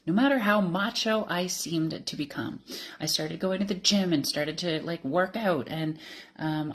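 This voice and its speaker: A woman in her thirties telling her life story candidly and emotionally, laughing often. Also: fairly low pitch. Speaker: interviewee. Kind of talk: personal storytelling.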